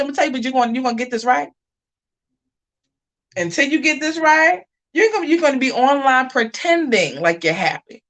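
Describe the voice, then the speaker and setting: A woman's voice: on the high side, a little fast. Scolding, preachy woman livestreamer. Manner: preachy, scolding and animated, repeating phrases for emphasis. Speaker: channel host on a livestream. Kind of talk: casual livestream commentary.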